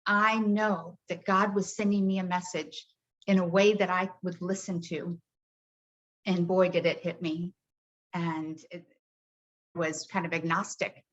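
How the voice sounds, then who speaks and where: A middle-aged woman, a grief coach, talking in a soft, heartfelt way with many hesitations in a podcast interview. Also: fairly low pitch, little pitch movement, a little slow. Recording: dull lo-fi audio.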